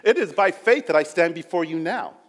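Male preacher, fairly high voice, earnest and dynamic, long hall reverb. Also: animated, a little fast. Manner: earnest, rising and falling between loud emphasis and quiet; acts out quoted voices. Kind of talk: sermon.

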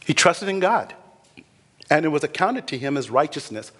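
High pitched pastor guy preaching, swoops all over, echoey church hall. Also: normal speed. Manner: animated preaching, voices biblical figures, laughs. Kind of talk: sermon.

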